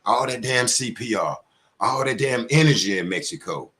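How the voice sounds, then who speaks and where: A man in rants on a live commentary stream. His voice sits at a middle pitch, and he swings between outrage, mockery and cursing. He mimics the people he attacks with put-on quotes. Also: normal speed. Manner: angry, profane, animated, mocking with put-on quotes. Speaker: commentary show host. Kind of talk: heated live commentary rant.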